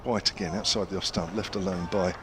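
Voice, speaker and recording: Chatty older English cricket commentator. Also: male voice, low voice, steady tone, brisk, fairly bright tone, slight background noise. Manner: chatty storyteller, chuckles between anecdotes. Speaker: cricket commentator, former county player. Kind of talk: ball-by-ball commentary with anecdotes.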